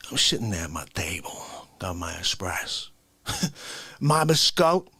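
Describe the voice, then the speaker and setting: A man doing a husky, whispering Bronx tough guy. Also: low voice, very animated, normal speed, no echo, heavily acted. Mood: ranting. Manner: swings from hushed whispers to shouts. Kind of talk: comedic character monologue.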